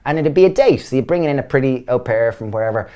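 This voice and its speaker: A quick-talking Irish man in his thirties, chatting as a guest. He rushes through his stories with eager enthusiasm and slips into other people's voices as he tells them. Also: mid-range voice, lively intonation, dark tone. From Ireland. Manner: enthusiastic storyteller, acts out voices. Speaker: guest, business co-founder. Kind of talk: casual interview chat.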